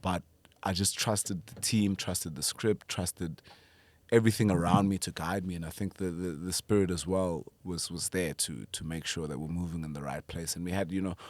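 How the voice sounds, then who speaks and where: Low-voiced, humble male actor. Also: steady tone, moderate pace. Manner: humble, thoughtful, trails off and restarts often. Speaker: actor, interview guest. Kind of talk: casual interview.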